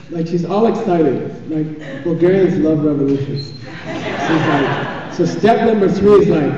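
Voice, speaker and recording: Teacher, man, dark and mellow voice with a slight lift in pitch, joking and chatty, heard from far off in a reverberant hall. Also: moderate pace. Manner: chatty and joking, keeps checking in with "okay?". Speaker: spiritual teacher. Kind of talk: live dharma teaching. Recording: echoey hall, far from the mic, dull sound.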